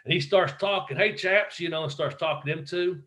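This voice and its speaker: Animated, profane storytelling man. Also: fairly high pitch, fast talker. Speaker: guest, former pro wrestler. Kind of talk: casual storytelling interview.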